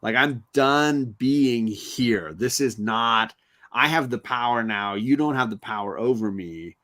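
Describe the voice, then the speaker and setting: A man's voice: mid-range voice, a little slow, sharp tone. A defiant young sorceress girl, fed up and finished with her captor, put on by a man in a loose, chatty way. She is lightly sketched, close to an everyday voice, with the lines dashed off as if paraphrased from a comic page. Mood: calm, resolved. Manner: casual paraphrasing of comic dialogue.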